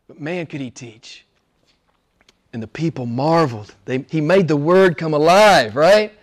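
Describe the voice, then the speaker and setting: Fervent male preacher with dramatic swings. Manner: swings between loud high-pitched exclamation and hushed, near-whispered asides; stretches key words slowly for emphasis. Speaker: pastor. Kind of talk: expository sermon.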